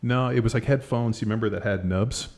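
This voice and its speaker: A man's voice: mid-range voice, a little fast, darkish tone. A middle-aged man hosting a podcast in casual chat, rambling with lots of "like" and the odd swear word. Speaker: podcast host.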